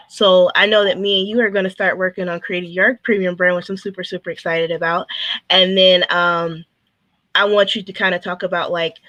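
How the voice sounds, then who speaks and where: A chatty woman guest on a podcast with a bright, forceful tone. She talks in loose, filler-heavy sentences, and the sound is dry and close. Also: medium pitch, no echo, muffled recording. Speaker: podcast guest, business owner. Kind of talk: casual podcast chat.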